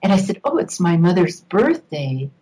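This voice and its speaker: A woman's voice: fairly low pitch, very animated, moderate pace, warm tone, rough recording. An older woman, a guest on an interview show, reminiscing at length with an occasional laugh. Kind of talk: interview storytelling.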